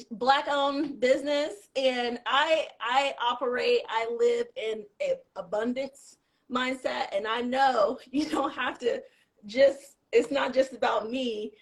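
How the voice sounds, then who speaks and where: A woman's voice: on the high side, fairly even intonation, slow pace. A woman working as a sign language interpreter, a guest chatting casually and upbeat on a live stream.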